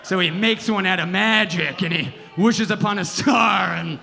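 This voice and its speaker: A man doing a brash, profane stand-up comedy set on a theater stage, shouting his punchlines. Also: high voice, normal speed, creaky, faint music behind. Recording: live theater with reverb and audience noise.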